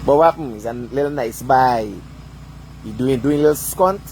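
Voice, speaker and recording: A man's voice: medium pitch, moderate pace, darkish tone, slight background noise. A man delivering a heated, profane rant, swearing constantly and asking "you understand?" over and over. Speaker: vlogger.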